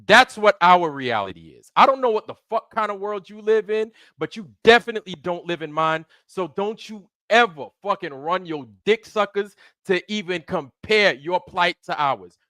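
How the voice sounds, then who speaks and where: A man rants into a close mic on his own livestream, hammering the same points over and over with a stream of profanity. His voice sits a little high and swings widely in pitch as he gets heated. The sound is dry, with no room around it. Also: expressive, normal speed, few pauses, bright, forceful tone, no room sound. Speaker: livestream host. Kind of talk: angry livestream rant.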